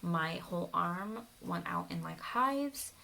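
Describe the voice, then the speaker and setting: A woman's voice: fairly low pitch, lively intonation, takes it slowly, creaky, sharp tone, slight background noise, poor audio. A young woman telling a personal story in a vlog, emotional and often dropping to a whisper. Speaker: vlogger.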